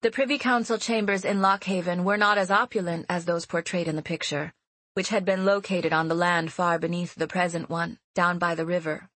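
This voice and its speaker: A woman reading an audiobook novel in steady scripted narration. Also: on the low side, dry recording.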